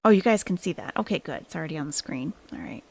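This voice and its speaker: A woman's voice: deep voice, animated, fast, creaky, darkish tone, a little hiss or hum. A woman hosting a casual livestream, animatedly telling a friend a gossipy story. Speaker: livestream host.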